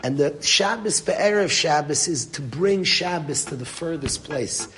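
A rabbi teaches a Torah class to a group, speaking earnestly and weaving Hebrew and Yiddish words into his English. His voice is fairly high and fairly bright, a little slow, with lively intonation, and a faint hiss or hum sits in the recording.

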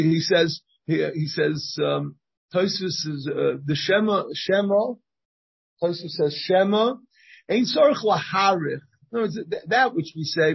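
Reading Hebrew and Aramaic passages, a rabbi teaches a Talmud class and explains the text phrase by phrase with many restarts. His voice is high and husky, captured in a dull, lo-fi recording.

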